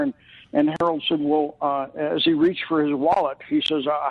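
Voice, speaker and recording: A man's voice: fairly even intonation, moderate pace, dry recording. A man telling a long anecdote on a radio talk show, voicing the quoted lines of the people in it. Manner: anecdotal, acts out quoted dialogue with rising pitch. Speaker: charity representative guest. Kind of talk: casual storytelling on radio. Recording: lo-fi radio broadcast audio.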